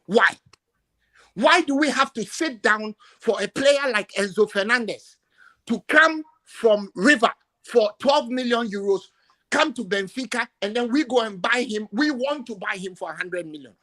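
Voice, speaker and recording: A man's voice: extremely high pitch, animated, normal speed, bright, forceful tone. A male caller ranting emotionally over a video call, exasperated and stumbling over repeated words. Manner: emotional, exasperated, stammering repetitions. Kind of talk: impassioned call-in rant.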